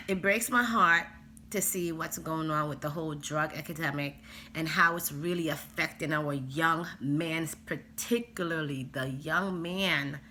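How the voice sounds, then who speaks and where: A woman vlogger talks straight to her viewers in a low yet bright, forceful voice. She is emphatic and animated, and she drops in asides as she lectures parents. Faint noise sits behind her. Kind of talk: casual vlog monologue.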